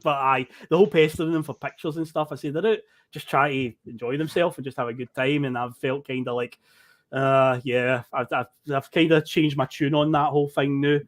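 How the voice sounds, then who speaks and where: A Scottish man in his thirties on a podcast, telling rambling travel anecdotes, acting out quotes and laughing often. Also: fairly high pitch. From Scotland. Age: 30s. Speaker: podcast guest storyteller. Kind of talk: casual podcast chat.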